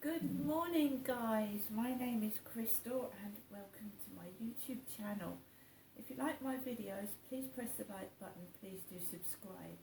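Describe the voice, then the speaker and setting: A gravelly-voiced, middle-aged woman talks through her morning in a chatty, rambling way, circling back to the same points. She sounds a little distant from the mic, and the room gives her voice a noticeable echo. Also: fairly high pitch, unhurried, darkish tone, a little hiss or hum. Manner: chatty, rambling, repeats herself. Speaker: vlogger. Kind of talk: casual morning vlog. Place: home, indoors.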